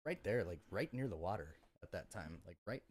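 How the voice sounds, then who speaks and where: A man's voice: deep voice, animated, brisk, a little mellow, husky. A young man in casual podcast conversation, telling his story bluntly with lots of profanity and fillers. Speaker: podcast guest.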